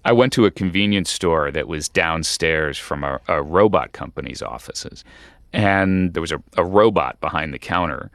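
A man, a journalist, explaining at length in a measured way as a guest in a radio interview. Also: sits low, expressive, a bit bright, no echo, studio quality. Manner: measured, explanatory, with occasional restarts.

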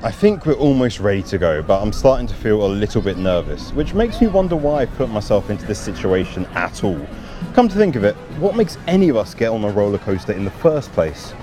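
A man presenting a documentary on location at a theme park, chatty and excitable. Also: on the low side, brisk, over music. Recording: noisy outdoor ambience.

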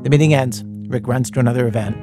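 A man's voice: medium pitch, fairly even intonation, fast, over music. A man hosting a radio show, narrating in a wry, conversational way from a studio mic.

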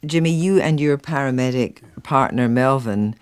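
Male interviewer, calm and direct. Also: medium pitch, moderate pace, smooth, dry recording, clean studio sound. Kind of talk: broadcast interview questions.

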